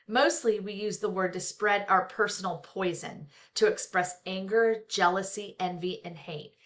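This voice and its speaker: Her voice is medium-pitched and fairly bright: a middle-aged therapist reading a book aloud in a relaxed way. Every so often she drops the text to add frank, conversational remarks of her own, filler words and all.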